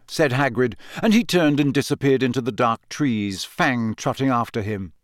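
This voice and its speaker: A man narrating an audiobook in an expressive, varied voice. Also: medium pitch, moderate pace, no echo, clean studio sound.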